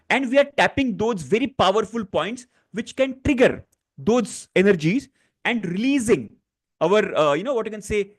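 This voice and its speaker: A man guiding a live online stress-relief session, speaking gently with many fillers and restarts. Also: high-pitched. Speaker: stress-relief workshop facilitator. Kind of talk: guided tapping session on a live online class.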